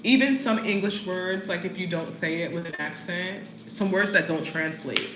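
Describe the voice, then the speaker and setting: A woman's voice: fairly low pitch, moderate pace, reverberant, music in the background, rough recording. A young American woman casually telling stories to the camera, chatty and full of fillers. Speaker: vlogger. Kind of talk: casual storytelling chat.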